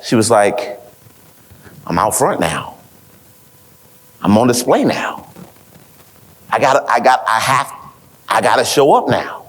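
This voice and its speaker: A man's voice: medium pitch, measured pace, long pauses. A man giving a motivational talk to a live audience, telling stories with rhetorical repeats and acting out what others said. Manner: rhetorical repeats, quoting others in lively voices. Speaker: speaker at an event.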